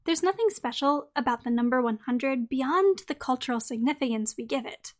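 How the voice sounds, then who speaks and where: A woman hosting a podcast who talks straight to her listeners in a friendly way and then reads out her own article, her voice slightly croaky today. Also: high voice, lively intonation, moderate pace. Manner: friendly, direct address to listeners. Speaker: podcast host. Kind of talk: podcast monologue and article reading.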